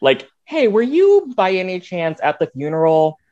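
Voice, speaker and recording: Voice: mid-range voice, huge pitch swings, moderate pace, mellow. A guest talks in a casual chat, rambling and full of "like" and acted-out quotes. The voice swings up and down as the story goes. The sound is dull and lo-fi.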